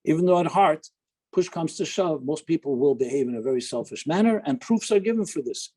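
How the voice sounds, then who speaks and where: A man's voice: fairly high pitch, lively intonation, a little fast, dark tone, rough recording. A man, a rabbi, giving an informal talk, digressing into jokes and anecdotes as he goes. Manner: chatty, digressive storyteller with humor.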